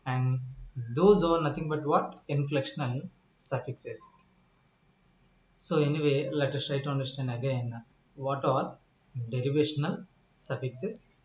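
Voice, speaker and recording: A man teaching English word stress in a recorded lecture, explaining slowly with many pauses, repeating himself, spelling out letters and asking the listener questions. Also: mid-range voice, fairly even intonation, a little mellow. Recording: echoey room.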